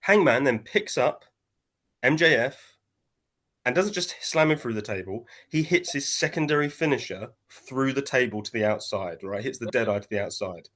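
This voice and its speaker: A man telling the story of a wrestling match to his co-host in a loose, animated way. He slips into other people's voices to act out what they said. His pitch sits at a middle level for a man. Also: moderate pace. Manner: animated storytelling, acting out quotes in shifting voices. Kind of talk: casual chat.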